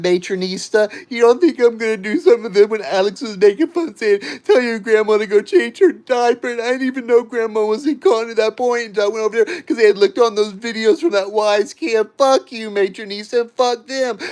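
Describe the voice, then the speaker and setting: High-voiced man ranting angrily. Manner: agitated, swearing, addressing a critic directly. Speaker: vlogger. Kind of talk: angry livestream rant.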